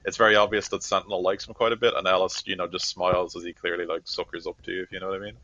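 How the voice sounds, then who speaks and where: Low-voiced man running a tabletop game. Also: flat delivery, racing, sharp tone, highs cut off. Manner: loose, filler-heavy narration. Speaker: game master.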